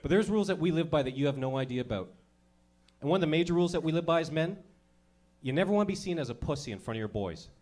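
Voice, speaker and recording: A man's voice: on the high side, animated, racing, a little mellow. A man in his thirties doing profane stand-up comedy, working the crowd and laughing at his own jokes.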